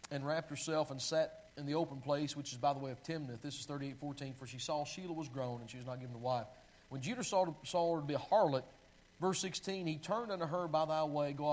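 A man's voice: on the high side, darkish tone, slight background noise, poor audio. A man preaching a sermon, reading long scripture passages aloud in a pleading voice and often stopping to correct himself while finding his place. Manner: reads scripture aloud with pleading, sinking delivery; restarts and self-corrections while finding verses.

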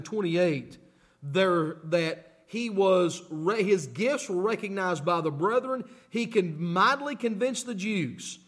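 A male pastor preaching a sermon, emphatic, repeating phrases and asking the congregation questions. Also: high-pitched.

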